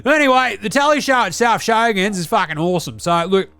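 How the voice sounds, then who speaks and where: A man's voice: sits high, lively intonation, a little fast, pushed and bright, clean tone, no echo, pitched above the performer's own voice, exaggerated voice. A man putting on a rowdy, swearing Aussie bloke dad. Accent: Australian. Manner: swearing, slangy, boisterous.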